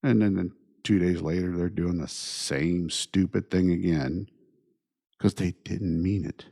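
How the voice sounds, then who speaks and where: Low gravelly-voiced man musing slowly. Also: fairly even intonation, warm tone. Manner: unhurried, repeats points with rhetorical questions. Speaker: podcast host. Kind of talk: reflective monologue.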